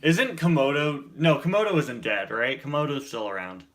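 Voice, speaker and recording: A young man hosting a casual chat, enthusiastic and quick to laugh. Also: medium pitch, a bit bright. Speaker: host.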